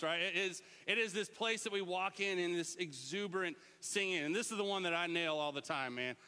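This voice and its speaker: A middle-aged man preaching a lively sermon, sometimes shouting out words to show what they mean. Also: high-pitched, a little fast, few pauses, smooth, big-room sound. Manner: animated, shouts out words to demonstrate. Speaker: pastor.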